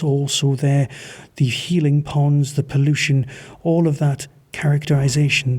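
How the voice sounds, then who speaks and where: A man's voice: a little high, a little mellow, husky. A man from Manchester hosting a podcast, giving a casual, rambling and enthusiastic spoken review. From Manchester, England. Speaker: podcast host reviewing audio dramas.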